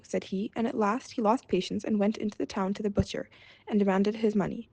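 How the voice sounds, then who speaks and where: A woman storyteller reading a fairy tale aloud in a steady, measured way. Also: mid-range voice, creaky, slightly rough, no room sound.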